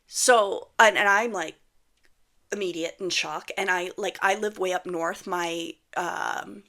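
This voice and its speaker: A woman's voice: lowish voice, fairly even intonation, slow pace, pushed and bright. A woman in her thirties talking to camera about manifestation, chatty and blunt, swearing freely as she tells a story. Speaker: manifestation vlogger. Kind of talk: casual talk to camera.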